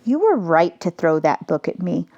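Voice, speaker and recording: A woman's voice: on the low side, very animated, moderate pace, a little mellow, muffled recording. Woman reading as an earnest middle-aged teacher. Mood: urgent.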